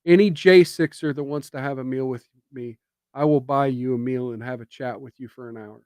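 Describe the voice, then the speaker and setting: A man's voice: medium pitch, steady tone, a little fast, a little mellow, no room sound, studio quality. A man streaming political commentary, sarcastic and emphatic, with indignant rhetorical jabs.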